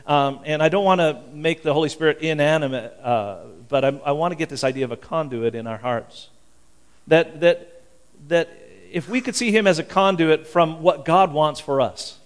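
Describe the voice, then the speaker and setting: A male pastor giving a sermon in a church, talking in an animated, conversational way, fervent and full of restarts. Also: fairly high pitch, moderate pace.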